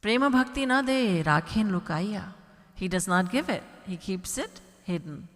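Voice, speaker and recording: A woman's voice: mid-range voice, expressive, normal speed. A woman spiritual teacher giving an earnest devotional discourse, full of rhetorical questions. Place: large retreat hall. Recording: long reverb from a large hall.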